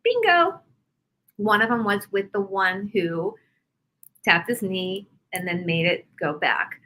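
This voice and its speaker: Brief: interview guest, woman healer, bright forward tone, animated storyteller. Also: medium pitch, a little slow, rough recording. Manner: animated storyteller, explains with examples. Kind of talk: casual interview talk.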